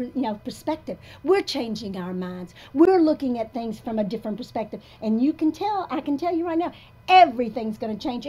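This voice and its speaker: A woman of about sixty giving a live motivational talk to an audience in a coffee shop, emphatic and confessional, swinging between soft and loud. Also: high-pitched. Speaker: motivational speaker.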